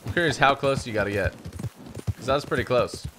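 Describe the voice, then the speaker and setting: A young man giving chatty, excitable commentary while he plays a video game, often talking to his horse. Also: medium pitch, brisk, noisy background. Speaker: gaming YouTuber. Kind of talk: let's play commentary.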